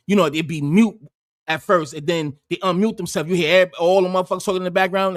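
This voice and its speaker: A man loudly telling a profane story on a podcast, animated and yelling at times. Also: high-pitched, a little fast, dry recording, studio quality. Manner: animated, loud, swearing, admits yelling.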